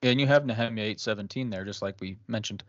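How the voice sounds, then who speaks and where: A man's voice: lowish voice, quick pace, fairly bright tone, muffled recording. A man co-hosting a casual discussion, mostly adding short affirming remarks and occasional comments. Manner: brief affirming interjections.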